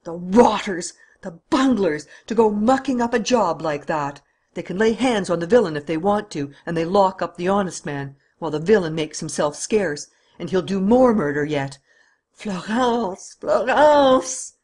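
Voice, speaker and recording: A man doing a furious, commanding gentleman thief. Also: high-pitched, expressive, moderate pace, husky. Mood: raging, shouting. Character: bold gentleman thief, adult male, masterful.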